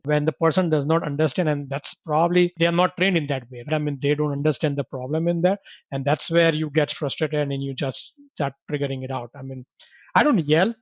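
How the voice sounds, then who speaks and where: A man in a casual group discussion, talking rapidly and leaning on "I mean" fillers. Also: a little high, no room sound. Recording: dull lo-fi sound.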